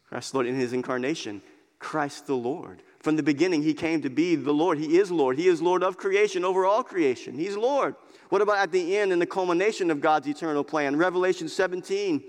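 A man preaching a sermon as a pastor, emphatic and repeating words as he builds, sometimes dropping to a hushed intensity. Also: fairly high pitch, a little fast. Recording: long hall reverb.

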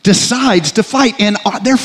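A man's voice: sits high, a little slow, husky. A man giving a humorous live talk to an audience, conversational, with joking asides and frequent restarts. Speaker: speaker addressing an audience.

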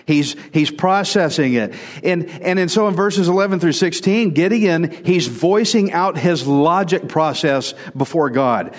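A man preaching a casual, conversational sermon, animated and repeating phrases for emphasis. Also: a little high, measured pace, long reverb tail. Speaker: pastor.

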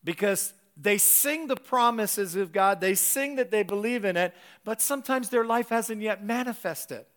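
A middle-aged man preaching a sermon, animated and telling a personal story with acted-out quotes. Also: sits high, moderate pace, hardly any pauses.

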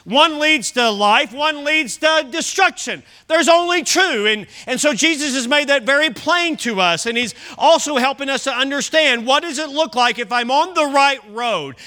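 A man delivering a sermon from the pulpit in a high, ringing voice. His tone is bright and forceful, and he swings from loud emphasis to hushed lines. He drops in casual asides and corrects himself as he goes. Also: animated, normal speed, few pauses. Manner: emphatic preaching with wide swings in loudness; conversational asides and self-corrections. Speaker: pastor.

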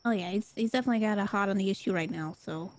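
A woman's voice: mid-range voice, racing, darkish tone. A woman playing a tabletop game, talking in character in a casual, hesitant way that trails off, over an online call. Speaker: player. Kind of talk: in-character role-play chat. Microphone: online call microphone.

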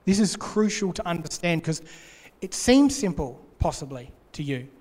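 A man's voice: fairly high pitch, sing-song, normal speed, darkish tone. A man preaching a sermon in an earnest way, repeating his key points. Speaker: pastor. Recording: long hall reverb.

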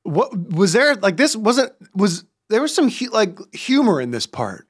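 A young man on a casual podcast who cuts in with quick, teasing questions. His voice is high and swings widely in pitch. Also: big pitch swings, husky. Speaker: podcast co-host. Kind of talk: casual chat.

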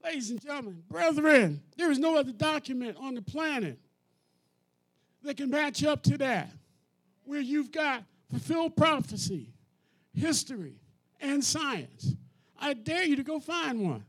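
A man with a strikingly high voice preaches with great emphasis. He leads his congregation in call-and-response, pressing them to say words back to him. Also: big pitch swings, unhurried, fairly bright tone. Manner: emphatic, coaxes the audience to repeat words. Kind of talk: energetic call-and-response sermon.

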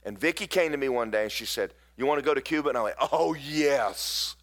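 A man's voice: mid-range voice, rapid-fire, fairly bright tone. A middle-aged man, a pastor preaching a sermon in folksy storytelling with emphatic bursts.

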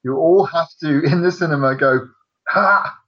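Deadpan man with absurd claims. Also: on the high side, normal speed. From United Kingdom. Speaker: podcast co-host. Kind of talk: casual comedic chat. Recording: dull lo-fi sound.

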